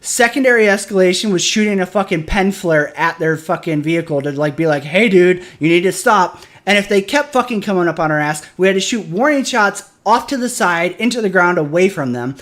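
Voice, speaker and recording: A man's voice: high-pitched, animated, brisk, few pauses, a bit bright. A man, a military veteran, chatting casually on a stream and ranting with lots of profanity. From Michigan. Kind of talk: casual chat.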